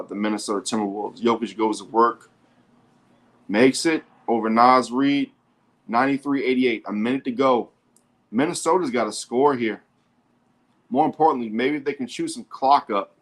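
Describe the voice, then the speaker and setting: Speaking at a medium pitch, a man hosts a sports show and reacts excitably to a basketball game as it happens, repeating himself a lot.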